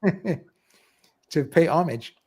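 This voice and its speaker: A man's voice: on the high side, expressive, takes it slowly, darkish tone, slightly rough. A middle-aged man hosting a livestream, chatting casually, reading viewer comments aloud and laughing often. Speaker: livestream host.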